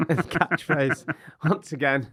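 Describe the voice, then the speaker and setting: A man's voice: fairly high pitch, slow, bright, forceful tone. A man from England co-hosting a comic podcast, talking in a jokey, playful way. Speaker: podcast co-host.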